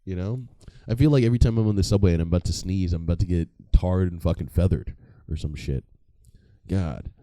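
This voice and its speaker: A man's voice: sits low, fairly quick, dark tone, no echo. A young man doing a casual, profane comedic monologue, rambling and mocking himself. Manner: rambling, profane, self-mocking, laughs at own jokes. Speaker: comedy podcast host.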